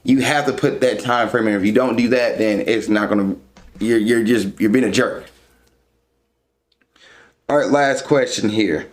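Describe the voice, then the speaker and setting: A man's voice: fairly low pitch, moderate pace, pauses often. A young adult man hosting a show, casually and frankly answering listener questions about dating one by one. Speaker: dating advice host. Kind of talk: casual advice talk.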